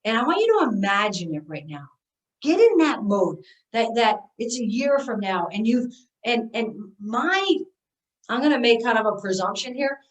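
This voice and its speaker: A woman golf mental game coach giving an energetic motivational seminar talk, leading her audience through exercises. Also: on the high side, moderate pace. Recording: echoey room, voice from far off.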